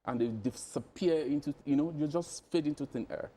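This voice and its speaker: A man speaking as a guest on a news panel, measured at first and then building to pointed questions. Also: a little high, dark tone, slight background noise. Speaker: studio guest commentator.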